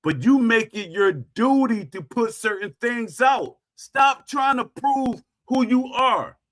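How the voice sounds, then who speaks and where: This middle-aged streamer has a very high, fairly bright voice with lively intonation and a slow delivery. He rants emphatically and repetitively to viewers, stamping his claims with "Facts."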